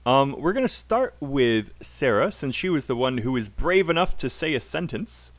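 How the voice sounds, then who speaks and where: A man's voice: medium pitch, big pitch swings, moderate pace. A man with a British accent teaching a live online English class, chatty and encouraging, drilling phrases aloud for students to repeat.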